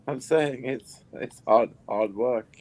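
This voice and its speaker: A man chatting casually on a group call, halting and full of fillers. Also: mid-range voice, a little mellow. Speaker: caller.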